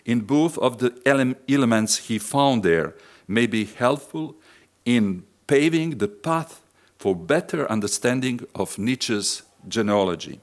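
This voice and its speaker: A man with a Bosnian accent, a philosophy lecturer reading a prepared academic talk in a measured, deliberate way with pauses and occasional self-corrections. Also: medium pitch, lively intonation. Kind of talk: academic lecture read from a text.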